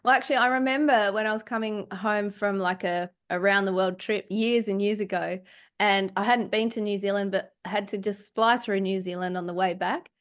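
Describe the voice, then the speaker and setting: A woman's voice: mid-range voice, fairly even intonation, normal speed. An Australian woman hosting a podcast, chatting casually in a bubbly, effusive way and laughing often. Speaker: podcast host. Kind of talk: casual chat.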